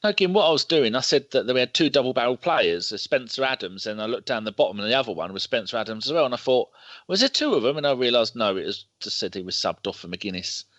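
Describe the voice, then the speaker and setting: A man's voice: mid-range voice, expressive, quick pace, hardly any pauses, a bit bright, no room sound. A man rambling through football injury news and scores on a casual podcast, swearing as he reads. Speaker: podcast panelist. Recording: dull dry lo-fi call audio.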